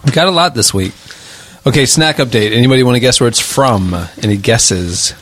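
A man co-hosting a casual comedy podcast, tossing off quick jokes and reading listener mail. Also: mid-range voice, fairly bright tone, a little hiss or hum. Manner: quick wisecracks and puns. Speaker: podcast co-host.

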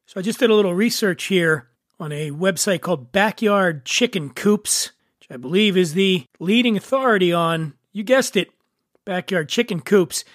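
A man hosting a podcast in casual chat, jovial and quick to laugh. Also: sits high, a bit bright, dry recording. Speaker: podcast host.

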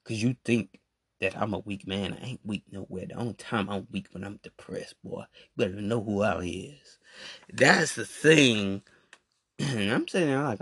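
A man's voice: fairly low pitch, normal speed, husky, no room sound, clean studio sound. A young adult man, hosting a solo podcast and ranting animatedly about friends who did him wrong. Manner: animated, repetitive, calling people out. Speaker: podcast host.

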